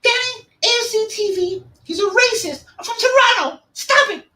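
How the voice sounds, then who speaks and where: A man mimicking a whiny, pleading male rival streamer in a shrill falsetto. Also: fairly even intonation, unhurried, fairly bright tone. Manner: mocking, begging.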